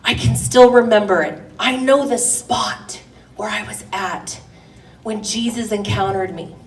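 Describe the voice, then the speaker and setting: A woman's voice: mid-range voice, unhurried. A middle-aged woman preaching to a women's gathering, passionate and rising to emphatic declarations. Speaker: women's event speaker. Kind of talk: sermon. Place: church hall. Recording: echoey church room, distant mic.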